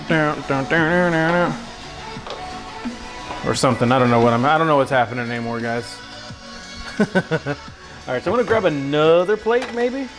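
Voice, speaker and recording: A man streaming a casual cooking lesson from his home kitchen, rambling and joking with his chat. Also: a little high. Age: adult. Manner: rambling, jokey, talks to chat.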